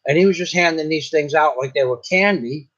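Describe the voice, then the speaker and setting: A man's voice: on the high side, brisk, a bit bright, highs cut off. A man telling a rambling, indignant story in a casual vlog, often restarting his sentences. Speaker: vlogger. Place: in the Philippines.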